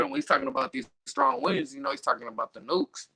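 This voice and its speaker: A man's voice: very high voice, huge pitch swings, quick pace, vocal fry, hardly any pauses, pushed and bright, no echo, poor audio. A man reading scripture aloud, then commenting loosely with lots of fillers and stumbling over hard words. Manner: reads verses, then riffs loosely with many fillers. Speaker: Bible study reader.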